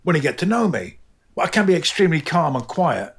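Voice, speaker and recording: A middle-aged English comic book artist chats loosely in a casual interview, swearing freely and sometimes imitating voices. His voice sits a little high, very animated and fairly quick, with vocal fry and a breathy edge.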